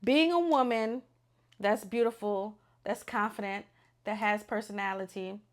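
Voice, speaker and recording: A young adult woman hosting a podcast, talking unscripted in a blunt, animated and profane way. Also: mid-range voice, a little slow. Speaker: podcast host.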